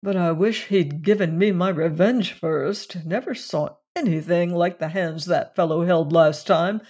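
A reader voicing a bored gentleman at a club who grumbles about his card losses. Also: mid-range voice, a little slow, breathy edge. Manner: yawning, grumbling. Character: bored card-playing clubman, man. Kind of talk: audiobook reading of a story.

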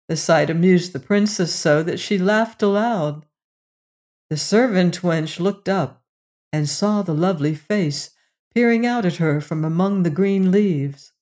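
A storyteller reading a fairy tale aloud in a slow, measured way. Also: medium pitch, a little mellow.

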